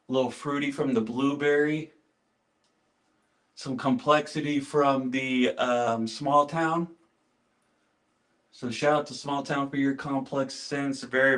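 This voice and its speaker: Steady in tone and slow, with frequent pauses, his medium-pitched voice is fairly bright. The man hosts an easygoing livestream, showing his beard care routine, chatting with viewers, naming those he greets, and repeating phrases.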